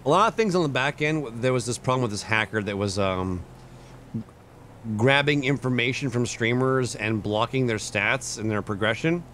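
A man's voice: mid-range voice, normal speed, fairly bright tone, a little hiss or hum. A young man streaming live, chatting casually, chuckling and thanking his chat. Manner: laid-back, chuckling, reads and thanks chat.

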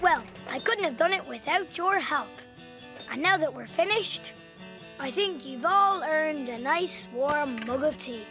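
A woman's voice: expressive, measured pace, loud music behind the voice. A woman voicing a cheerful, curious four-year-old boy in a children's cartoon. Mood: cheerful, polite. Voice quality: high bright childlike voice.

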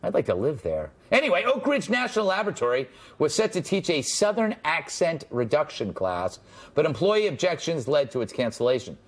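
A man hosts a late-night panel show with a wry, jokey delivery. His voice sits a little high and his pitch swings widely as he reads items and throws asides to his guests. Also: huge pitch swings. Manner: wry, jokey, quick asides, laughs often. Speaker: talk show host.

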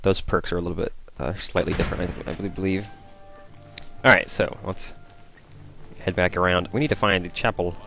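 A young man chatting casually as he plays a video game, rambling and easily excited. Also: deep voice, normal speed, gravelly, over music. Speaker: gameplay commentator. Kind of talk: casual let's play commentary.

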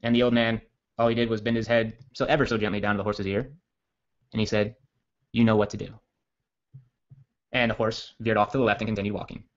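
A man giving a casual copywriting training, telling a long story in a rambling, self-correcting, energetic way. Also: lowish voice, quick pace. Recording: dull lo-fi audio.

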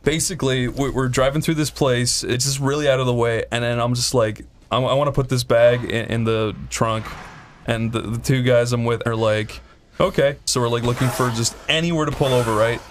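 A man hosts a gaming show and tells a long, rambling story at a mid pitch. He fills his talk with "like" and keeps restarting his sentences as he plays. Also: steady tone, brisk, a little hiss or hum. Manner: rambling anecdote with many fillers and restarts. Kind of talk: casual storytelling over gameplay.

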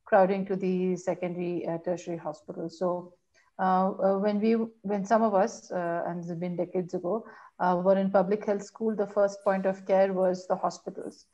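A woman's voice: mid-range voice, level tone, moderate pace, dark tone, highs cut off. A woman speaking as a panelist in a public health discussion, often repeating words and restarting.

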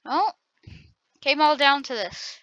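Excitable high-voiced woman gamer. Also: takes it slowly, dry recording. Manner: excitable, trash-talking. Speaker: gaming channel host. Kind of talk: gameplay commentary. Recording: dull lo-fi recording.

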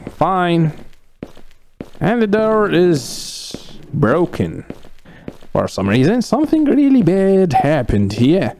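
High-voiced man doing a slow horror let's play. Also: darkish tone. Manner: nervous, jokey running commentary with frantic repeated exclamations. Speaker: gaming channel host. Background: game music.

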